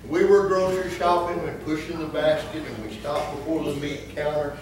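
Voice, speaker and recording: A man pastor preaching a sermon, telling funny stories and then breaking into emphatic, shouted points. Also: on the high side, little pitch movement, a little fast, a little hiss or hum. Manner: humorous storytelling that rises into emphatic preaching. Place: church sanctuary. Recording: echoey church from far off.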